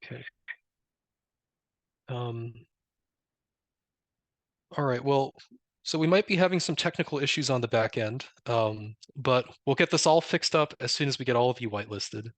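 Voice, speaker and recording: A man presenting a live software demo, explaining step by step in a relaxed way with many fillers. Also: mid-range voice, moderate pace, long pauses, dry recording. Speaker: presenter demoing a tool.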